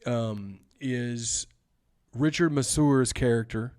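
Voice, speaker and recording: Taking his time, a man with a mid-range, darkish voice co-hosts a podcast in an easygoing, casual chat. His talk is packed with fillers and "dude."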